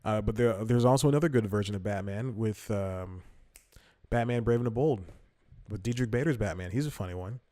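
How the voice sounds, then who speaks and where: A man's voice: on the low side, brisk, dark tone, no echo. A young man hosting a comedy podcast, rambling through casual commentary, correcting himself and laughing often. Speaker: podcast host.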